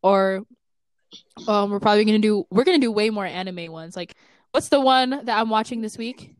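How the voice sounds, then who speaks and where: A young woman co-hosting a podcast in casual chat, excitable and laughing often. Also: mid-range voice, moderate pace, smooth, dry recording. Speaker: podcast co-host.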